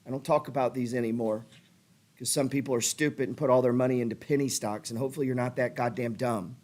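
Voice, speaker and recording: This middle-aged man's voice is medium-pitched and darkish, fairly even in intonation, and he talks fast. Hosting a trading show, he gets worked up in an aggressive, pushy motivational rant laced with free swearing.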